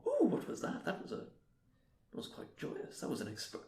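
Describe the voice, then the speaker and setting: A man's voice: wildly swooping pitch, normal speed, gravelly, a little mellow, echoey room, exaggerated voice. A man voicing a naive, amnesiac automaton in a tabletop game, stammering and full of wonder. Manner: wondering, stammering, swooping pitch. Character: naive amnesiac male automaton, curious and chatty. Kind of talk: tabletop role-play.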